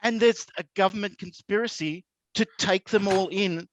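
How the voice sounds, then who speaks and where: A man's voice: sits high, normal speed. Teasing man at a tabletop game. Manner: teasing, joking. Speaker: player. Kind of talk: playing a kid in a tabletop game.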